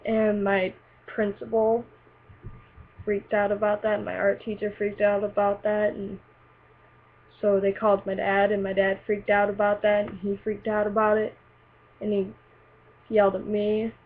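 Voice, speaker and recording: Speaking a little slowly in a completely flat, mid-range voice, a teenage girl rambles through a personal story for her vlog, leaning on fillers and "like." Her webcam recording sounds tinny and lo-fi, with faint hiss.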